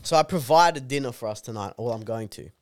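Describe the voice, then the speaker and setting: A man's voice: medium pitch, animated, fairly quick, no room sound, studio quality. Guy with a swearing, jokey way of talking. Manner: swears a lot, calls his co-host dude, jokey. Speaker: podcast co-host. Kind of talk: casual chat.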